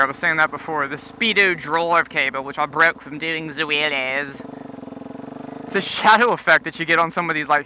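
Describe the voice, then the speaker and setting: A man's voice: a little high, pushed and bright, poor audio. A man vlogging while riding a motorcycle at night, rambling in a scatterbrained, joking and profane way. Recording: heavy road and engine noise.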